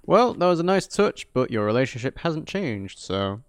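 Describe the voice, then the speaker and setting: A man's voice: medium pitch, big pitch swings, normal speed, smooth, dry recording, studio quality. A man casually commentating a game with a playful, wry manner. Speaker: let's play co-host.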